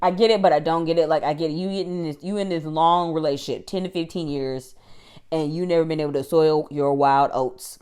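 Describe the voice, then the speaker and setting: Low, smooth-voiced woman recapping a show. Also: brisk. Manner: chatty and animated, slangy, laughs often. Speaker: YouTube TV reviewer. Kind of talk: casual episode recap.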